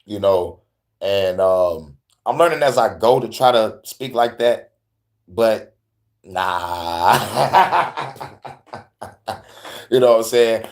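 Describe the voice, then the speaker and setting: A man's voice: fairly low pitch, takes it slowly, vocal fry, long pauses. A young man hosting an online talk show, reacting in casual, profane slang and laughing often. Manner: animated, laughing, swearing, slangy. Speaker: host.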